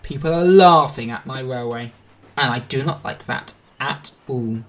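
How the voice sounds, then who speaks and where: A man voicing a stern but fair older railway boss who speaks in a firm, measured way. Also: mid-range voice, close to an everyday voice.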